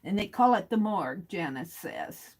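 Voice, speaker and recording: A woman hosting a casual livestream, reading viewer comments aloud, chuckling often and thinking out loud. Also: lowish voice, very animated, moderate pace, poor audio. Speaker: livestream host.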